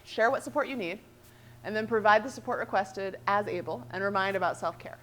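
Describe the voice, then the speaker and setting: A woman trainer presenting a workshop, lively and animated, often checking in with "right?". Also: mid-range voice, a little fast.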